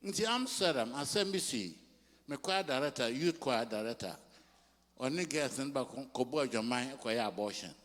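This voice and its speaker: An older man with a Ghanaian accent, preaching a sermon as a pastor in a church, mixing English and Twi in slow, emphatic phrases. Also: medium pitch, expressive, fairly bright tone. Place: large church hall. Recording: long reverb of a church hall.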